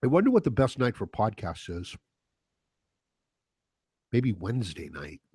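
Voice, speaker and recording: A man's voice: fairly low pitch, wildly swooping pitch, a little slow, a little mellow, husky, no room sound, studio quality. A man hosting a casual solo podcast, rambling and profane, chuckling often as he talks. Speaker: podcast host.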